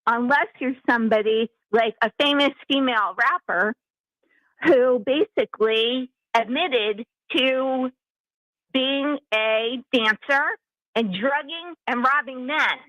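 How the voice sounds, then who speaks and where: Female caller, slightly high voice, forceful and emphatic, dry sound. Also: takes it slowly, no echo, low-quality recording. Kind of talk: call-in commentary.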